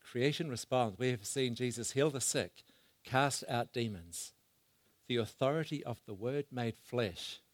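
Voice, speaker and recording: A preacher delivers a sermon, alternating loud bursts with hushed asides while posing questions to his congregation. His voice is mid-range and unhurried, on a dry recording.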